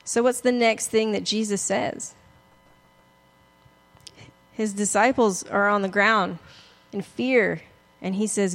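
A woman's voice: medium pitch, fairly even intonation, takes it slowly, long pauses, fairly bright tone. A woman pastor giving a conversational, self-deprecating sermon, often laughing as she talks.

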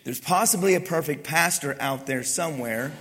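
A man preaching a sermon as pastor, reading scripture with emphasis, dropping into quiet asides and light jokes. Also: a little high, moderate pace. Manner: animated preaching, swings from loud emphasis to quiet asides, joking.

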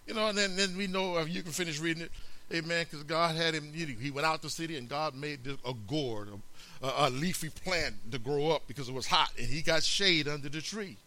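A man preaching a sermon, animated, calling out amen and acting out the scripture's lines. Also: fairly high pitch, brisk. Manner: animated, calls amen, acts out quotes.

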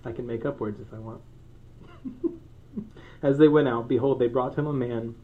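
A man, a pastor with children, preaching a sermon in a relaxed, joking way and laughing often. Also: mid-range voice, normal speed, phone-quality sound. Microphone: microphone.

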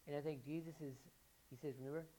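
A woman with a deep, low voice preaching a sermon. She keeps asking her listeners questions and climbs to loud, emphatic peaks before dropping back to an easy, talking tone. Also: steady tone, fast, slight background noise, low-quality recording.

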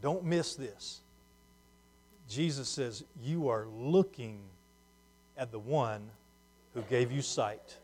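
A man delivers a sermon at medium pitch, shifting between quiet, slow stretches and loud, emphatic ones.

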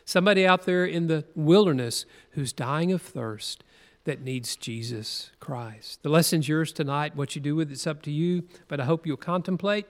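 Earnest preacher man in a reverberant hall. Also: on the high side. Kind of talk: sermon, reading scripture aloud.

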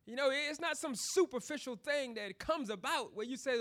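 A man's voice: very high-pitched, expressive, normal speed, fairly bright tone. A man preaching a sermon, telling a personal testimony in a chatty way full of "you know" and "you see", then building into emphatic preaching. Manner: testimony told conversationally, rising into emphatic preaching.

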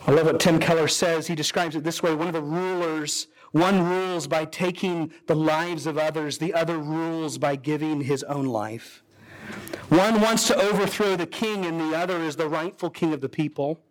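A man preaching a sermon as pastor, telling a story dramatically with sudden rises and drops in his voice. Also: normal speed. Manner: dramatic storytelling preacher, voicing characters with pitch swings.

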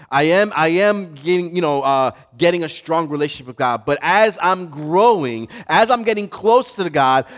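Animated, slow-spoken male preacher. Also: high-pitched. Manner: preaching to a live congregation, building from quiet to shouting. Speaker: pastor. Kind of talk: sermon.

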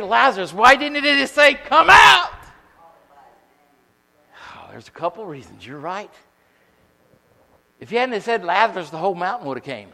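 A man preaches a sermon in a bright, high voice, calling on the congregation to repeat his words. He drops to quiet asides, then climbs to ringing shouts. His voice rings out with a long reverb, as in a church sanctuary. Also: expressive, moderate pace, gravelly, long pauses. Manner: call-and-response preaching, swings from quiet to shouting. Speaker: pastor.

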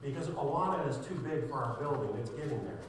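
A man's voice: mid-range voice, lively intonation, fast. A man preaching a sermon as a pastor, with a sarcastic streak, building to fervent emphasis. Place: church sanctuary. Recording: echoey church hall, distant mic.

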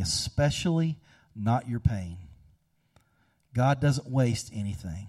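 A man preaching a sermon, telling a story and swinging between hushed, slow passages and loud, emphatic ones. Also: mid-range voice, lively intonation, distant mic. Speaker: pastor.

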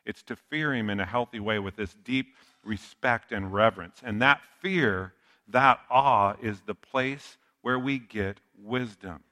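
A man's voice: on the low side, measured pace, sharp tone. A man preaching a sermon as a pastor, talking conversationally and telling stories with asides to the listener.

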